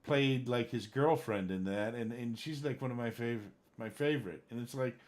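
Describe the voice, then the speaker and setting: Speaking with hardly any pauses, this man has a medium-pitched, slightly mellow voice at normal speed. He's a gamer chatting casually with livestream viewers, rambling, hunting for names, and occasionally getting worked up.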